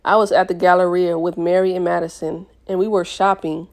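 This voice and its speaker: A woman's voice: on the low side, flat delivery, a little fast, darkish tone. A woman reading a novel aloud as host of her channel, with casual, chatty asides. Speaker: book reader, channel host.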